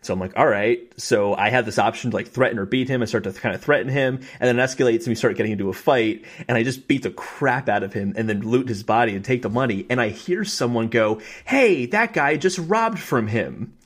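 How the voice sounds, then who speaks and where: Young guy rambling excitedly on a podcast, lots of likes and ums, mid voice. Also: mid-range voice, husky. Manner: excited, fast storytelling with many fillers. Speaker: podcast co-host. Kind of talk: casual chat.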